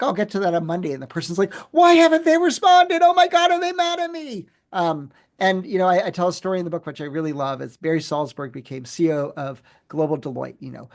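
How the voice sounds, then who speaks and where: Gravelly, animated professor telling stories. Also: male voice, a little high. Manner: animated storyteller, many fillers and restarts. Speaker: guest, professor and author. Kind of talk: conversational interview answers.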